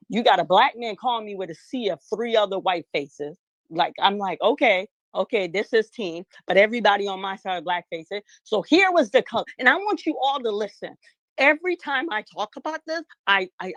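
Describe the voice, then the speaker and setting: A woman's voice: mid-range voice, lively intonation, normal speed, fairly bright tone, no room sound. A woman as an interview guest, telling her story emphatically and acting out the people she quotes. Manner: emphatic, acts out quoted dialogue. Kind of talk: storytelling in casual talk.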